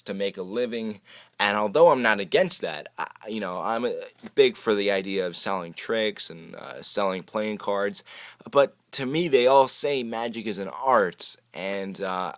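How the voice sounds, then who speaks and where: A man's voice: fairly low pitch, fairly bright tone. A young man hosting his own magic channel, answering viewer questions in a chatty, rambling way with many hesitant restarts. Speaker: YouTube magic channel host. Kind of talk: casual Q&A vlog. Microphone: camera microphone.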